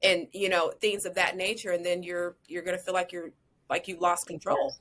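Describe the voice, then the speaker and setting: A woman's voice: fairly low pitch, little pitch movement, moderate pace, fairly bright tone. A woman who is a guest on a podcast, giving earnest parenting advice in casual conversation. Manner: earnest, advising.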